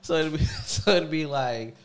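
A man's voice: on the high side, measured pace. A man chatting casually, telling stories about a friend and acting out what people said. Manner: storytelling, acts out friends' quotes. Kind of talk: casual chat.

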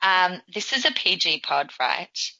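Bright-voiced woman chatting and laughing. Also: lowish voice, animated, measured pace, creaky, no echo, dull audio. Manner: chatty, laughs often, hesitant restarts. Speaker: podcast guest. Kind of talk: casual podcast chat.

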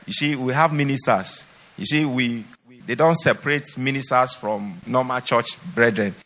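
A man's voice: mid-range voice, moderate pace, pushed and bright. A man preaching a sermon in a church, exhorting his listeners with emphatic, repeated phrases. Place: church hall. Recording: long hall reverb.

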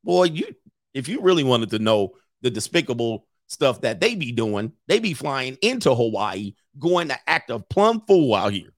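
A man's voice: medium pitch, big pitch swings, normal speed, dry recording, clean studio sound. A man in his thirties hosting an online commentary show, ranting brashly and laughing at his own jokes. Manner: brash, joking, laughs often. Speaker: streamer and commentary host. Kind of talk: casual commentary rant.

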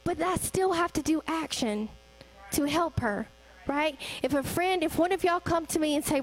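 A woman's voice: sits high, moderate pace, low-quality recording. A young woman giving a conversational sermon, asking the congregation rhetorical questions. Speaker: church speaker.

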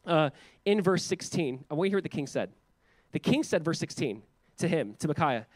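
A male pastor preaches in a quick, slightly high voice that rushes ahead. He speaks casually and animatedly, stumbling into restarts and acting out quoted voices. The sound is close and dry, with no room around it. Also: animated, no room sound. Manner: acts out quoted voices with raised pitch. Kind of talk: sermon.

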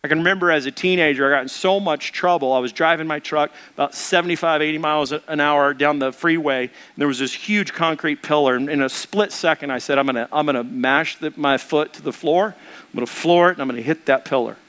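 A middle-aged man preaching a sermon, animated and acting out the Bible story in little voices. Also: on the high side, brisk. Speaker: pastor.

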